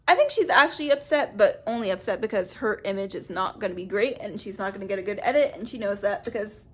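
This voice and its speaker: A woman in casual commentary, blunt and gossipy, tossing off sarcastic remarks. Her voice sits a little high for a woman. She talks like a YouTuber reviewing a reality show.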